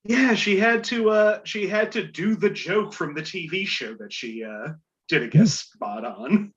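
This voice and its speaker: A man's voice: sits high, lively intonation, measured pace, highs cut off. A man hosting a casual podcast game show, reading clues aloud with playful asides and chuckles.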